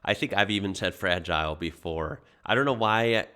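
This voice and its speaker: A man's voice: low voice, animated, a little fast, sharp tone. A man with a mild Chicago accent, chatting casually while reacting to a video, musing aloud with frequent restarts. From American Midwest. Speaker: reaction channel host.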